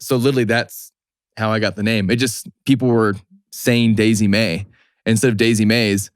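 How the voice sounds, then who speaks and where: A man's voice: on the low side, fairly even intonation, fairly quick, no room sound, clean studio sound. A young man from New Mexico, a hat maker and guest, telling stories in a laid-back, slangy way. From New Mexico, USA. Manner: laid-back, slangy, acts out quoted people. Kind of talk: casual storytelling.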